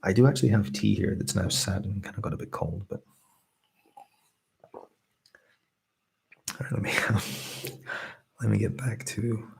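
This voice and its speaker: A man in his thirties from Scotland, with a softened Scottish accent, hosting a soft-spoken ASMR live stream chat and reading out viewers' comments in an earnest, grateful way. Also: on the low side, a little slow, gravelly, long pauses, slightly rough.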